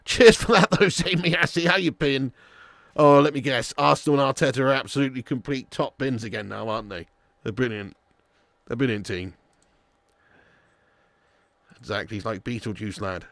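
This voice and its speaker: Chatty man, gravelly voice. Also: medium pitch, steady tone, moderate pace, long pauses, fairly bright tone, no room sound. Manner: chatty, banter with chat, swears casually. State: a little sleepy. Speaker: watch-along streamer. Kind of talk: live football watch-along chat.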